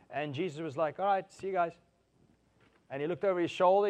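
A man preaching a sermon in an animated way, acting out quotes and laughing often. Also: on the high side. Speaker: pastor.

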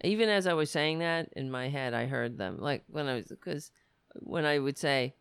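A woman's voice: low-pitched, expressive, moderate pace, clear, resonant tone, dry recording. A woman delivering a sardonic, rambling comic monologue from the United States. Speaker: comedian. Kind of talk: stand-up style comic monologue.

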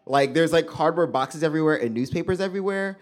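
A young man telling a stand-up story on a club stage, swinging between loud punchlines and muttered asides. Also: fairly high pitch, quick pace, slight background noise. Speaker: stand-up comedian.

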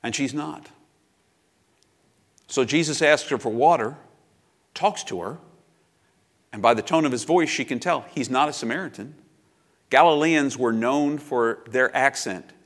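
A man's voice: mid-range voice, unhurried, pauses often, fairly bright tone. A man in his fifties preaching a sermon as pastor, reflective and confessional, with personal asides.

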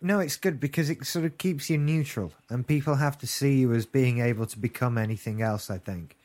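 A man's voice: mid-range voice, fairly quick, darkish tone. A British man chatting casually as a podcast co-host, with wry, jokey asides. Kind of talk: casual chat.

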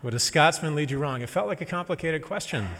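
A man preaching a sermon as a minister, gentle and reflective with touches of humor. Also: fairly high pitch, fast, long reverb tail, a little hiss or hum.

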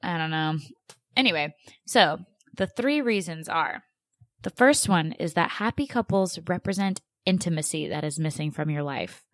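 A woman's voice: sits low, lively intonation, moderate pace, no room sound. A young woman co-hosting a casual podcast, chatty and sarcastic, with lots of "like" and dry asides. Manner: chatty, sarcastic, says "like" a lot. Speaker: podcast co-host.

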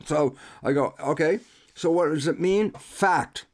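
Animated older man explaining biology. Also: a little high, unhurried. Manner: animated storyteller, acts out dialogue with himself. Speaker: guest biologist. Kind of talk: explaining science in an interview.

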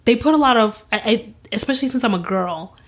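A young woman as an interview guest, telling a personal story in an animated way and acting out what others said. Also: on the high side, fast talker. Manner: animated, acts out quoted voices, laughs often.

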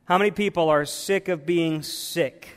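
Male pastor, fairly high voice, fervent sermon delivery that swings from hushed to loud, long church reverb. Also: measured pace. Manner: impassioned preaching, swings between hushed and loud. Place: church sanctuary.

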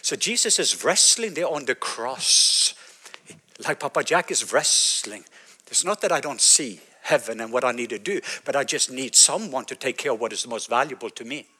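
A Norwegian man in his fifties with a Norwegian accent, preaching a sermon as an animated storyteller. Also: mid-range voice, normal speed, breathy edge. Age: 50s. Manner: animated storytelling, acting out his own quoted words.

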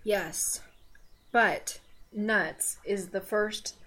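Here a Southern woman co-hosts a laid-back faith podcast, rambling into side topics with teasing remarks. She comes from the Southern United States and speaks with a Southern American accent. Her medium-pitched voice is very slow with a sharp tone.

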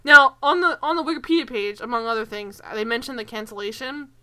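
A woman's voice: on the high side, fast, sharp tone. A woman co-hosting a podcast in casual chat, ranting with animation, swearing and laughing as she talks. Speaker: podcast co-host.

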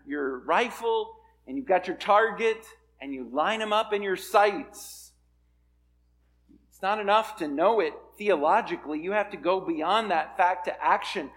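A man's voice: sits high, a bit bright. A man preaching a sermon as a pastor, earnest and building to emphatic peaks.

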